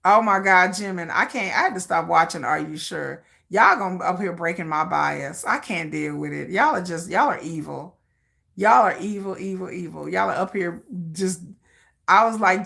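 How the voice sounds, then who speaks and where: A woman's voice: on the low side, normal speed, creaky. A woman hosting a casual livestream, chatting with viewers in a dramatic, playful rant and laughing often. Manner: animated, laughing, reacting to viewer comments. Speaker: livestream host.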